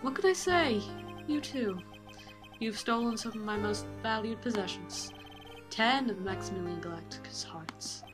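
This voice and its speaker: A woman's voice: medium pitch, a little slow, over music, natural voice. A woman voicing a vain, flamboyant male circus magician in an amateur game reading, drawling and theatrical. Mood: smug. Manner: theatrical, drawling, calls people sweetie.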